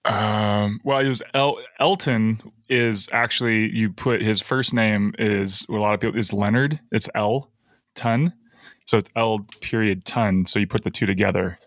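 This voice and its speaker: A man's voice: fairly low pitch, fairly even intonation, measured pace, a bit bright, no room sound, studio quality. A man co-hosting a podcast, chatting casually and fumbling hesitantly for his words. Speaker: podcast co-host. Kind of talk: casual chat.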